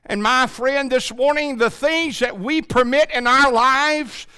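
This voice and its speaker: A man preaching a sermon, telling a story dramatically and swinging between shouts and hushed low tones, calling out to the congregation. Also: measured pace, clear, resonant tone. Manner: calls to the congregation for responses.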